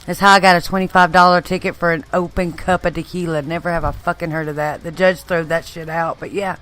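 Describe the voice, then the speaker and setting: A woman's voice: fairly low pitch, fairly even intonation, fast, fairly bright tone, slight background noise, poor audio. A woman chatting casually on a live show, telling stories in a loose and profane way. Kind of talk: casual chat.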